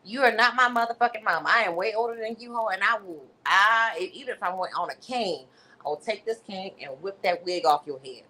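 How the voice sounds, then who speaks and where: A woman's voice: mid-range voice, a little fast, natural voice. A woman voicing a furious older woman who cusses out and threatens a younger rival. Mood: scornful. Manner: profane, threatening, loud.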